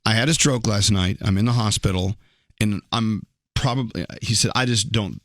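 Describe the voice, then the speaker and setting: A man's voice: on the low side, moderate pace, fairly bright tone, no echo, clean studio sound. Wry, teasing male radio host. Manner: wry, teasing humor mixed with earnest talk. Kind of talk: morning radio talk. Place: radio studio.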